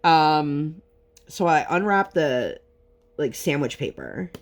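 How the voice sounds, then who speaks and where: A woman vlogger busy with a craft relates a lengthy, frustrating story, chatty and casual, with plenty of fillers and audible exasperation. Her low voice moves slowly but with lively intonation.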